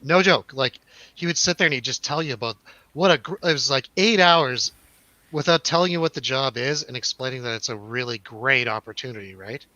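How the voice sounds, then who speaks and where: A man's voice: medium pitch, a little fast, sharp tone, dry recording, lo-fi sound. A young man on a podcast, telling a story in casual chat, acting out quotes and swearing freely. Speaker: podcast co-host.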